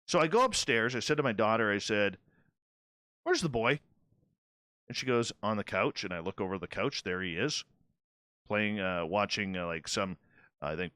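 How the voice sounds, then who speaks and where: A man hosts a talk-radio panel and tells an anecdote with animated energy, acting out the dialogue himself. His voice is bright and forceful. The sound is dry and close to the mic. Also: fairly low pitch, dry recording. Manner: animated anecdote-telling, acts out both sides of dialogue. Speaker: radio show host. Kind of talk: casual storytelling on a panel show.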